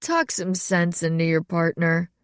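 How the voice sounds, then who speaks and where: A woman voicing a folksy, mocking male small-town sheriff with a slow drawl. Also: lowish voice, very animated, clear, resonant tone, no echo, clean studio sound. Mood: amused.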